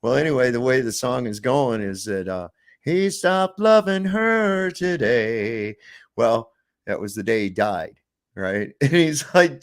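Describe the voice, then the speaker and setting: A middle-aged man hosting a podcast, telling stories in a profane, animated, casual chat. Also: mid-range voice. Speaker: podcast host.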